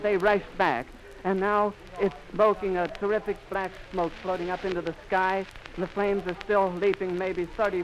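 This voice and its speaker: High-voiced 1930s radio reporter outdoors. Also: male voice, low-quality recording. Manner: florid, announcer-style description; frantic, sobbing, breathless outcry. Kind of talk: live on-the-spot radio commentary. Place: outdoors at an airfield in rain. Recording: 1930s archive recording with faint rain noise.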